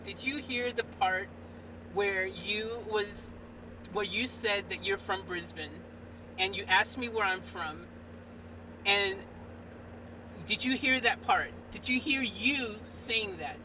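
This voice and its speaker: A woman live streamer talking to her viewers and an AI assistant in an excitable, exasperated way, swinging between shouting and muttering. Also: medium pitch, slow, pauses often. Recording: distant mic, faint background noise.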